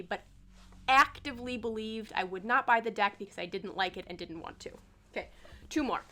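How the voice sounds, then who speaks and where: A tarot vlogger chats casually with her viewers in a mid-range, sharp-toned voice at a normal pace. She's loose and talkative, dropping plenty of "like" and "um" while showing cards to the camera.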